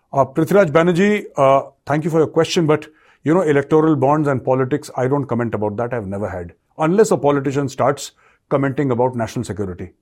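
A man's voice: mid-range voice, quick pace, darkish tone. A man giving direct-to-camera commentary and answering viewer questions, emphatic and repeating his key points. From India. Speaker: defence commentator and show host.

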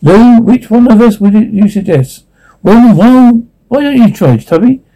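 A man's voice: measured pace, poor audio. Lou, a whiny, cowardly radio comic, played by a man. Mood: nervous. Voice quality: high, whiny, excitable. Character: timid, bumbling, cowardly man. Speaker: comedy sidekick. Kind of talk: 1940s radio comedy acting.

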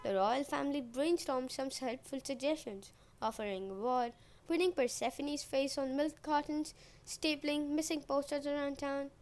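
High-voiced woman telling myths with jokes. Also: moderate pace, a little mellow. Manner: chatty, jokey asides. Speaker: podcast storyteller. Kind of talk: casual humorous myth retelling.

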